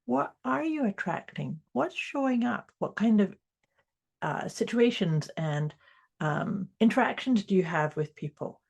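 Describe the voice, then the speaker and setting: Husky New woman, thoughtful co-host. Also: mid-range voice, animated, measured pace. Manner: reflective, thoughtful explaining. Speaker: podcast co-host. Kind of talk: casual chat.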